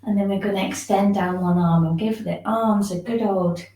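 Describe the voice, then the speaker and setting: A woman teaching a shiatsu class, giving gentle, soothing step-by-step instructions for self-massage. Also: mid-range voice, fairly even intonation, moderate pace, reverberant, distant mic, rough recording. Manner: gentle, soothing instructions, yawning now and then.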